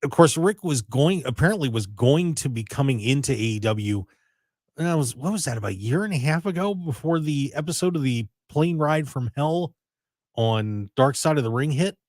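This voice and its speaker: A man hosts a radio show with a lively, animated voice that rises and falls a lot. He tells stories and teases his co-host. The sound is dry and close to the mic. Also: mid-range voice, normal speed, dry recording. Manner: lively, teasing, animated storytelling. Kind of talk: casual radio chat.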